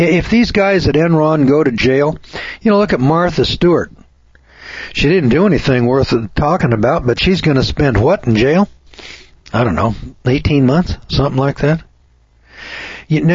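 A man rants through an opinionated radio editorial in a folksy, mocking way. His voice is husky and sits at an ordinary pitch. The recording is dry and dull, like lo-fi radio. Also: darkish tone, dry recording. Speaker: radio show host.

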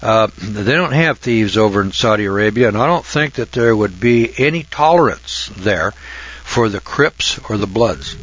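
A man's voice: fairly low pitch, expressive, moderate pace, fairly bright tone. An older man telling a long rambling story in a folksy, drawling way, full of fillers and restarts, then moving into Bible commentary. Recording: dull lo-fi recording.

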